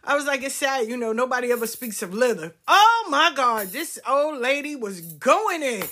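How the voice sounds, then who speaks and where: A podcast host with a high, fairly bright voice speaks at a normal pace in an animated way. She tells stories in a loose, chatty monologue on her talk show, swearing and addressing listeners in a drawling Southern style.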